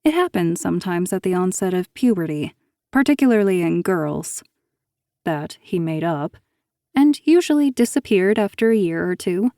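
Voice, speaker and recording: Mellow woman reading an audiobook. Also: fairly low pitch, sing-song, normal speed, no room sound, clean studio sound. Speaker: audiobook narrator. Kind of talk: scripted audiobook narration.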